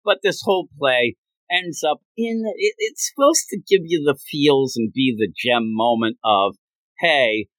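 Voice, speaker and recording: Lively man acting out scenes. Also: fairly high pitch, no echo, poor audio. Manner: animated retelling with quick acted quotes and laughs. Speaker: podcast host. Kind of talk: casual manga discussion.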